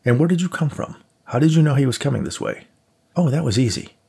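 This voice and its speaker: A man voicing a chatty, quick-witted young woman in an audiobook, with a lilting, cheeky delivery. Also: mid-range voice, animated, vocal fry, dark tone, breathy edge, pitched above the performer's own voice, heavily acted. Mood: perky. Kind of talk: audiobook character voice.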